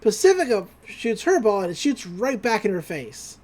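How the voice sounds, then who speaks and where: Here's a medium-pitched co-host with a sing-song delivery and a darkish tone. On a podcast, they run through a cartoon episode in relaxed conversation, jumping into brief character impressions while describing the scenes.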